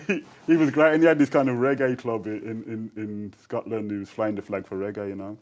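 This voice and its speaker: Animated low-voiced Birmingham man. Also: a little fast, hardly any pauses. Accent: Birmingham English with Jamaican influence. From Birmingham, England. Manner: animated, laughs often, breaks into quoted voices. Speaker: interview guest, poet. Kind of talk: casual storytelling interview.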